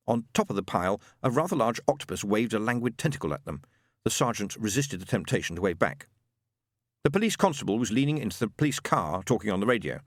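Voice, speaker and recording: A man narrating an audiobook in an expressive, wry way. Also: lowish voice, quick pace, dry recording, clean studio sound. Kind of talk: scripted narration.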